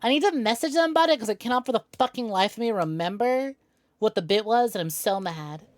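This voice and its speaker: A woman's voice: a little high, expressive, fast talker, dry recording. A woman streaming a co-op game, telling rambling, profane stories to her chat in casual talk. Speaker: VTuber streamer.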